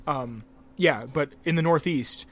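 A young man from Pennsylvania co-hosting a casual podcast, rambling and excitable and swearing a lot. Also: fairly high pitch, measured pace. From Pennsylvania, USA. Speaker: podcast co-host.

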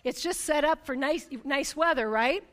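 High-voiced woman preaching in a reverberant hall. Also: moderate pace. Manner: personal storytelling, emphatic, frequent "right?" asides; swings between loud excitement and hushed intensity. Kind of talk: sermon.

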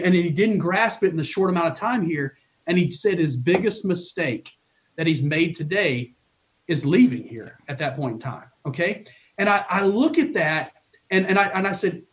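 A middle-aged man coaching college baseball speaks in a podcast interview with a voice a little higher than most men's. He tells stories earnestly and with feeling, stumbling over restarts and repeating words as he goes. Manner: earnest, emotional storytelling with many restarts.

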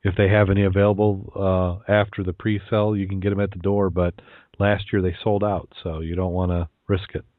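A man hosting a podcast, chatty and quick to laugh, repeating words as he goes, between casual chat and telling jokes. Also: sits low, level tone, no room sound. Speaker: podcast host. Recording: tinny phone-like line.

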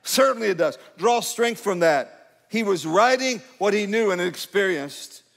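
A man's voice: high-pitched, lively intonation, a little slow, gravelly, a bit bright, long reverb tail. A male pastor, preaching in a conversational, emphatic way to his congregation. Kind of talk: sermon. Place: church sanctuary.

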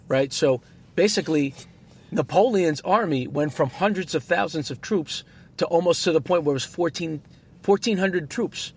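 A man co-hosting a casual podcast conversation, an animated storyteller who acts out the people he quotes. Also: fairly high pitch, normal speed, husky. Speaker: podcast co-host, basketball referee.

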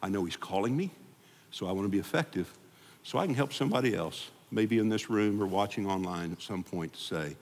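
Pastor preaching in a reverberant sanctuary. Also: male voice, fairly low pitch, animated, fairly quick. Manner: freewheeling, conversational preaching that drops to a hushed prayer. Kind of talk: sermon and closing prayer. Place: church sanctuary before a congregation. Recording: long hall reverb in a church sanctuary.

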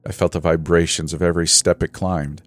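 Reading a horror script with measured drama, this man speaks in a very low, level tone. No echo is present, though faint music runs underneath.

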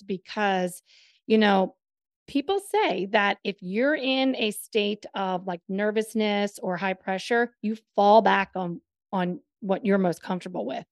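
A woman co-hosting a conversational podcast, with a mid-height voice and a dry, close sound. She talks quickly and with emphasis, often breaking into a laugh. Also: medium pitch, dry recording. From northern US. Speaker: podcast co-host. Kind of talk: casual chat.

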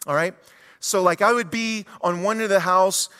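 A man preaching a sermon as a pastor, telling stories in an animated way and putting rhetorical questions to the congregation. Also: sits high, normal speed, smooth, big-room sound.

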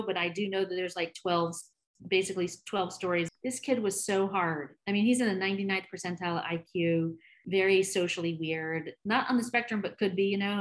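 A middle-aged woman, a podcast guest, telling frank personal stories in a chatty way and laughing easily. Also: medium pitch. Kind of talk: candid personal storytelling.

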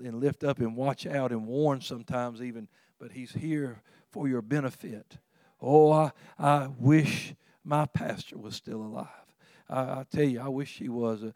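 A man preaching a sermon in a conversational, earnest way, with frequent restarts and sudden rises in pitch and volume. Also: a little mellow, no room sound, studio quality. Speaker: pastor.

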